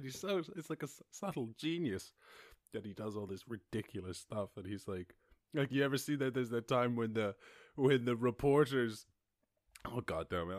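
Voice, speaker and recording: A man from Ireland hosting a casual livestream chat, rambling, animated and laughing often as he talks. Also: mid-range voice, dry recording, studio quality. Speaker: host.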